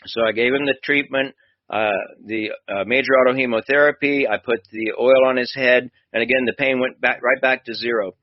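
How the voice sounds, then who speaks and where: Telling a lengthy story in a chatty way, a talk-show host who is a doctor acts out each line of dialogue. His mid-pitched voice stays steady and fairly quick. The sound is dry, somewhat dull, with no echo.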